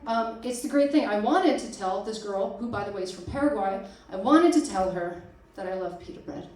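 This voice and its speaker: A woman's voice: mid-range voice, expressive, a little fast, darkish tone. A young woman performing a self-deprecating stand-up set at a small arts venue, laughing at her own jokes. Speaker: stand-up comic. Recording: echoey room, distant mic, audience laughter.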